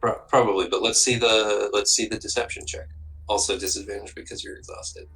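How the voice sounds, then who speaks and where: A man guides players through a tabletop game as dungeon master. His voice sits a bit low, and he talks in a relaxed way that keeps doubling back on itself mid-sentence. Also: a little fast, soft background music, poor audio. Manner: relaxed, restarts sentences often.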